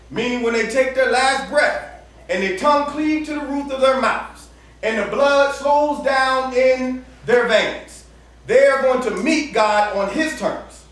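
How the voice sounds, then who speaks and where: Casual, slangy male preacher with a very high voice, recorded from afar in a big echoey room. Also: a bit bright, distant mic. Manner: casual slang-filled preaching, acts out dialogue, laughs often. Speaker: campus minister preaching. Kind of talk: sermon.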